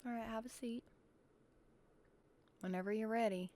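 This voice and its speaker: A woman's voice: on the high side, fairly even intonation, mellow. A young woman chatting and giggling as a news anchor in a game voice-chat roleplay. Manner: chatty, giggly and quick to react.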